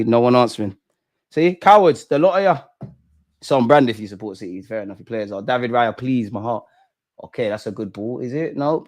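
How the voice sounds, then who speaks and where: A young man hosting a live football watch-along, reacting with slangy banter that swings from loud shouting to low muttering. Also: vocal fry. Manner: slangy banter, swears at the screen. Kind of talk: live match reaction commentary.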